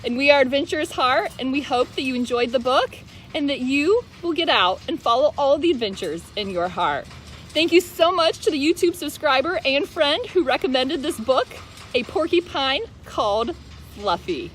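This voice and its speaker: A woman hosting a video, reading a picture book aloud in an animated, sing-song way and cooing to her pets between pages. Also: high voice, normal speed, faint music behind. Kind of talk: storybook read-aloud.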